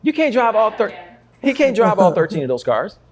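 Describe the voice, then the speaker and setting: A man from Africa hosting a talk show, energetic and joking as he teases his guests. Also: sits high, brisk, a crowd in the background. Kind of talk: lively talk show interview.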